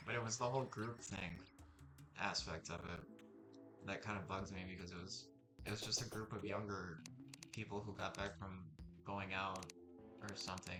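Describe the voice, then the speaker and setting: A young man recounts a personal story in a rambling, casual way. His voice sits on the low side. Music plays steadily behind him. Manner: rambling, with fillers and restarts. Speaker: vlogger.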